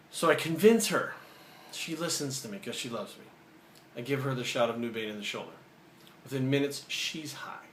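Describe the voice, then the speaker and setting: This man hosts his own video channel and tells a story in casual, profane, animated speech, acting out the dialogue. His voice is medium-pitched and fairly quick, and the recording has a roomy echo with faint ambient noise.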